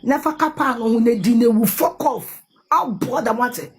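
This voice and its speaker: A woman's voice: on the high side, normal speed, slight background noise. A Ghanaian woman delivering an angry, insulting rant, scolding someone and repeating her jabs. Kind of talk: angry ranting commentary.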